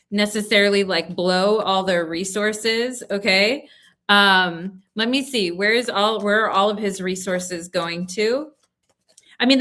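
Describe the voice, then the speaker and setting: A young woman with a bright, clear voice reads tarot cards live for her viewers. She talks in a soothing, reassuring way and keeps checking in with them as she goes. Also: medium pitch. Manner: soothing, reassuring, lots of "okay?" check-ins. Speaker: tarot reader. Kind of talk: live-stream tarot reading.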